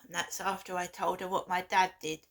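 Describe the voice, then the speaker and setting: A woman vlogging in a casual monologue, halting and repeating herself with an aggrieved tone. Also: lowish voice, little pitch movement.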